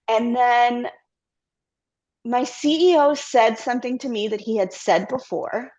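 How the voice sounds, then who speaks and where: A woman's voice: on the high side, expressive, normal speed, darkish tone. A middle-aged woman guest, a company CEO, telling her story candidly in a conversational interview and slipping into quoted self-talk. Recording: slightly muffled lo-fi audio.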